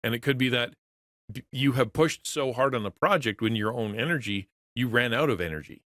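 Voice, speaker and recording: A man's voice: mid-range voice, fairly quick, fairly bright tone, no echo, clean studio sound. A middle-aged man in a casual livestream, talking earnestly to his chat, rambling with many restarts and repeated words. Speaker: streamer and pastor to creators.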